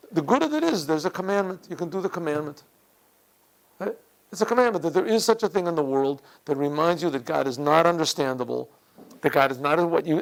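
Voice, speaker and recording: A man, a rabbi, giving a Torah class lecture, repeating phrases and often clearing his throat. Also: a little high, poor audio. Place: yeshiva classroom.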